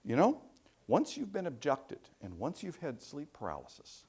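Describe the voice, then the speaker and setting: A man voicing an adult male abductee who calmly and patiently insists on his experience in a low, quiet voice. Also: moderate pace, breathy edge, full character voice. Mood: weary calm. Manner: quiet, patient, matter-of-fact. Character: calm adult male abductee, unshakeable believer.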